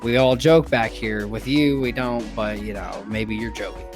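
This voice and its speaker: A man's voice: on the low side, steady tone, normal speed, soft background music. Give me a profane, rambling young man telling a story on a casual podcast. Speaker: podcast co-host.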